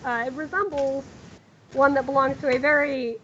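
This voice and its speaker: A woman narrating as game master in a tabletop game, talking haltingly with many fillers and restarts. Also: high-pitched, fairly even intonation, muffled recording, background noise.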